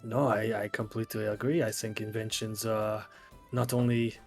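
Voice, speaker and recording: A man playing a charming male artificer with mechanical arms, speaking with a put-on French accent and a theatrical, flattering manner. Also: on the low side, normal speed, soft background music. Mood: proud. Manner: theatrical, smooth-talking, flattering. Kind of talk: tabletop role-play in character.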